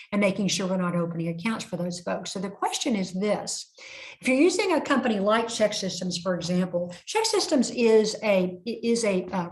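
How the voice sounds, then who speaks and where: Older lady running a bank training webinar, chatty, acts out little scenes, medium pitch. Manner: lively, anecdotal, acts out dialogues.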